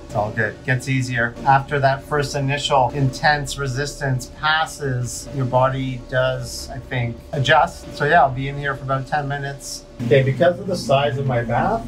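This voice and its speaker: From a cold bath in his home bathroom, a male wellness vlogger talks casually to camera, candid and self-deprecating as he coaches viewers, in a medium-pitched, fairly bright voice.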